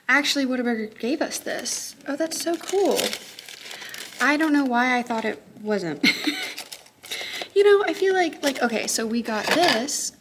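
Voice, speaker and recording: A young woman, a high school teacher, chatting casually to her phone camera in a vlog, upbeat and full of "like" and "um". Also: noisy background. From Texas. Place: her car and classroom.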